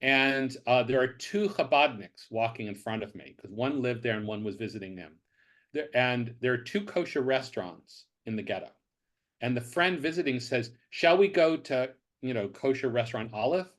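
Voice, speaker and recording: Male professor telling old jokes. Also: medium pitch. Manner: halting starts, then relaxed storytelling. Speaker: professor, guest. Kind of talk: casual conversation, telling jokes.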